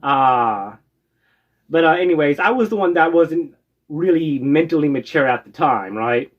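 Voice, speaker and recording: A man's voice: a little high, expressive, unhurried. An American man casually telling stories from his past, rambling with lots of "uh"s and a habitual "right?". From United States. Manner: rambling, many "uh"s and tag "right?". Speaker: storyteller. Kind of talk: casual storytelling. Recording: dull lo-fi recording.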